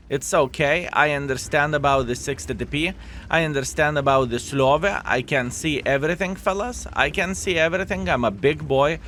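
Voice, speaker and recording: A man's voice: a little high, normal speed, fairly bright tone, a little hiss or hum. A man giving live commentary over his own gameplay, chatty and frank, often turning to viewers with tag questions, his English phrasing plainly non-native.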